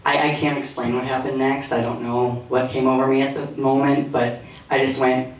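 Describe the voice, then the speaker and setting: A man's voice: mid-range voice, level tone. Man telling stand-up stories in an echoey room. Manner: conversational, anecdotal, with filler pauses. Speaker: stand-up comedian. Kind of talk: stand-up storytelling. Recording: echoey room heard from a distance.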